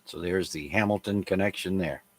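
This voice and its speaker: A man runs a casual amateur radio net in a slightly low voice. He talks in a relaxed, chatty way with plenty of fillers. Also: normal speed, no echo.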